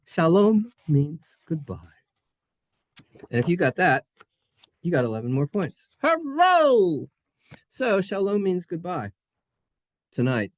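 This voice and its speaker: Man, Hebrew school teacher, slow sing-song delivery, fairly high voice, dry close sound. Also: animated, a little mellow, dry recording. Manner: playful, sing-song, sounds out letters slowly. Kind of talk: classroom lesson. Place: synagogue classroom.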